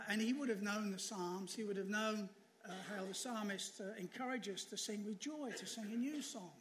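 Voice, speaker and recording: High-voiced man preaching a sermon. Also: slight background noise. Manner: anecdotal, conversational storytelling with rhetorical questions. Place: church.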